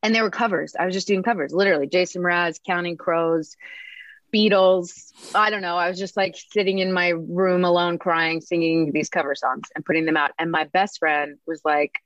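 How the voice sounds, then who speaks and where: A woman in her thirties from the United States tells a winding story as an interview guest, filling it with "like" and acting out each quoted line. Her voice sits a bit low. The recording is dry and a little dull, with no room sound. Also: moderate pace, no echo. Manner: animated, acts out quotes, lots of "like". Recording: dry, slightly muffled studio sound.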